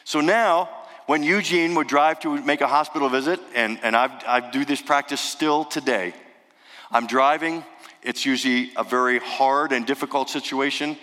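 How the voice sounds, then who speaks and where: A man's voice: mid-range voice, fairly even intonation, moderate pace, sharp tone. A male pastor giving an earnest sermon in a church sanctuary, piling up emphatic lists and rhetorical questions. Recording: reverberant church hall.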